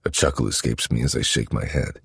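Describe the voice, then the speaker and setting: A man narrating a first-person romance story in a low, intimate, steady manner. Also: fairly quick, creaky, breathy edge, no room sound, clean studio sound. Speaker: audiobook narrator.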